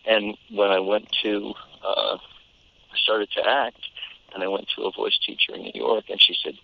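A man's voice: fairly low pitch, moderate pace, vocal fry. An American man, a voice actor, chatting and telling stories in an interview, laughing often and restarting his sentences. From United States. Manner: animated storyteller, laughs often, frequent restarts. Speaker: voice actor guest. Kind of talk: casual interview chat. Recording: tinny phone-like line.

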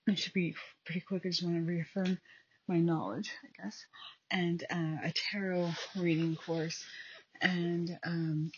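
A young adult woman hosting a casual solo podcast from home at night, talking quietly and rambling with many fillers into a phone. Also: lowish voice, slightly rough. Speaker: podcast host. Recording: dull lo-fi phone recording.

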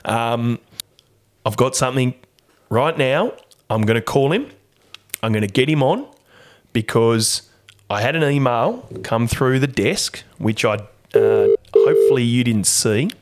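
A man with an Australian accent hosting a podcast in casual chat, talkative and quick to laugh. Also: mid-range voice, animated. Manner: chatty, laughs often, loose with restarts. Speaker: podcast host.

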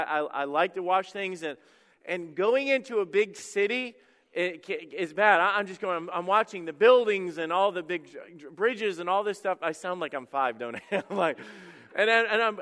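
A middle-aged man preaching a sermon in church, telling a personal story with self-deprecating humor and quick restarts. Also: sits high, pushed and bright, clean tone. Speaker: pastor. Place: church sanctuary. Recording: echoey church hall.

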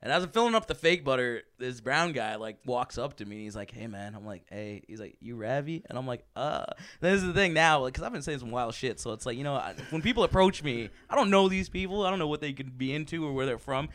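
Bright-voiced man telling a story. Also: on the high side, fast talker, hardly any pauses. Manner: animated storyteller, laughs often, swears freely. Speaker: podcast co-host telling a story. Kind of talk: casual chat.

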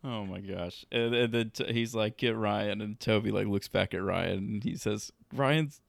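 A man's voice: on the low side, fairly even intonation, normal speed, creaky, no room sound. A man in casual chat, recapping sitcom moments, laughing often and quoting lines with lots of "like". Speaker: podcast co-host.

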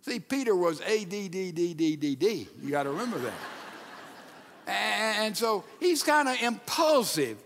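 Man preaching, high voice, animated delivery, acts out quotes, drops to a hush, long hall reverb. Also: measured pace. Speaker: pastor. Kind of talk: sermon. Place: church sanctuary.

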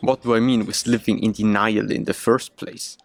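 A man's voice: fairly low pitch, flat delivery, moderate pace, gravelly, a little hiss or hum. A man giving advice in an earnest, lecturing way. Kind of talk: advice-style talk.

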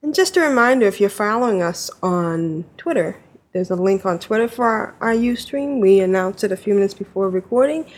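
A woman's voice: mid-range voice, expressive, brisk. A woman hosting a gaming podcast, greeting her co-hosts in an upbeat, chatty way. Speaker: podcast host. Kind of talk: casual podcast chat.

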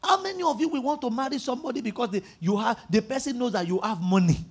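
A male pastor preaching a sermon, telling stories animatedly and rising to emphatic shouts. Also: very high voice, fast, slightly rough. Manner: animated storytelling, acting out phone conversations.

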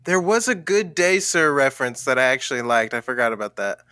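A man's voice: medium pitch, animated, a little fast, sharp tone, clean tone, dry recording, clean studio sound. A man co-hosting a movie podcast in casual chat, rambling and laughing often. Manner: giggly, rambling, laughs a lot. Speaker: podcast co-host.

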